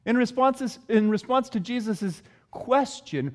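A man preaching a sermon, telling the story with expressive delivery. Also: high voice, moderate pace, hardly any pauses.

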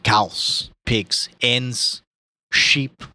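A man's voice: fairly even intonation, extremely slow, bright, forceful tone, a little hiss or hum, full character voice. A man voicing an old male boar who rallies the farm animals with fiery speeches, in a put-on Russian accent, reading for comedy. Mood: mournful. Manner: booming speechmaking, slips out of character into laughter. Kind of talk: comic dramatic reading.

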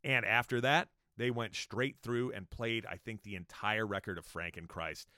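A man in his fifties from Southern California, telling stories from his youth on a podcast in a casual, excited way, swearing often. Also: moderate pace, no room sound, studio quality. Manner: animated, swearing, jumps high when excited. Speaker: podcast storyteller. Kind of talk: casual storytelling monologue.

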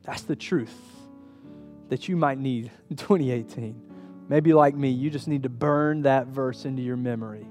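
A man in his thirties preaching a sermon as pastor, earnest, moving between hushed intimate passages and raised emphatic ones. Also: medium pitch, normal speed, faint music behind.

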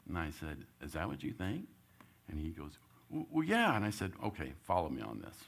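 A man giving a church talk, telling a personal story and loudly acting out what he said as a coach. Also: very deep voice, fairly quick, gravelly. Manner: animated storyteller, gets loud acting out his own coaching. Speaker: church speaker.

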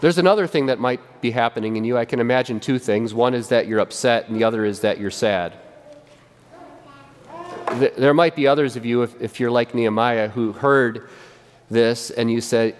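A man preaching a sermon as pastor, animated and conversational, often repeating and restarting his words. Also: mid-range voice, moderate pace, big-room sound, slight background noise. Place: church sanctuary.

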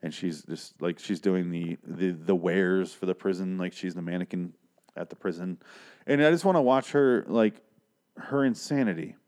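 This podcast host speaks at normal speed in a low, slightly mellow voice. Chatting casually on his own, he recaps a story, voicing the characters as he rambles and swears.

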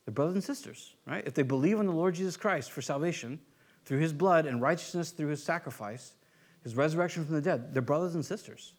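A man's voice: on the high side, a little fast. A man preaching a conversational sermon as a pastor, acting out quoted voices as he goes.

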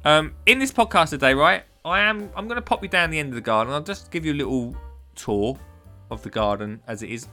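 A man hosts a gardening podcast in a chatty, jokey tone, and his voice comes across bright and forceful. He talks casually and warmly toward his co-host with lots of matey banter. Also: medium pitch.

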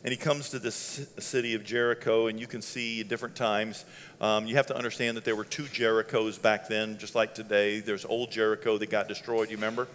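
A man's voice: lowish voice, little pitch movement, a little fast. Man preaching in a reverberant hall. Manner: conversational, laughs between lines, rises to loud shouting passages. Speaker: pastor. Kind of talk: sermon.

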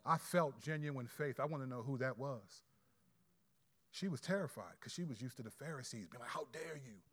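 A man preaching a sermon in a conversational, animated way with quick asides. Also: medium pitch. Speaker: pastor.

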